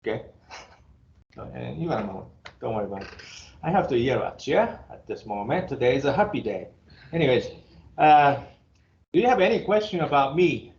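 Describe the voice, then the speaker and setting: A Japanese engineering professor in his fifties, with a Japanese accent, gives a classroom lecture in a blunt, joking way, chuckling between remarks. His mid-range voice is very animated and a little mellow, with vocal fry, long pauses and a moderate pace, and the recording sounds roomy and dull, like a classroom.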